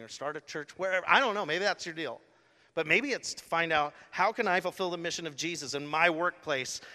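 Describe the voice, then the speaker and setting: Animated pastor preaching in a big echoing hall. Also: male voice, on the high side. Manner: animated storytelling with many "like" fillers. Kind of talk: sermon. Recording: long hall reverb.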